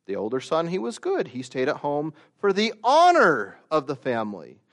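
A man preaching a sermon, slow and deliberate, rising to loud emphatic peaks and dropping to quiet asides. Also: on the high side, huge pitch swings. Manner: slow, deliberate delivery with long pauses.

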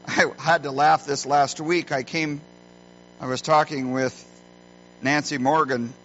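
A middle-aged man preaching a sermon as a pastor, earnest and folksy, telling stories with deliberate pauses, recorded in a church. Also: fairly high pitch, flat delivery, a bit bright. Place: church sanctuary. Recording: muffled lo-fi recording with faint hum.

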